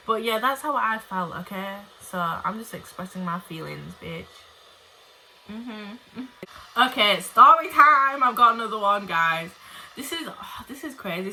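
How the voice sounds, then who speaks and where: Bright-voiced blunt young woman. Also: medium pitch, a little hiss or hum, rough recording. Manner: blunt, heavy swearing, chatty asides to viewers. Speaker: vlogger. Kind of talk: casual storytime monologue.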